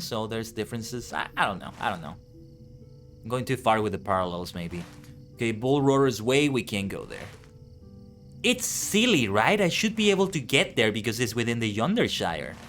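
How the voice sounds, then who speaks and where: A man's voice: mid-range voice, a bit bright. A man with a non-native accent musing aloud in casual live-stream chat while playing a game. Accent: non-native English accent. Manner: thinks aloud, rambling and musing. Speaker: VTuber streamer.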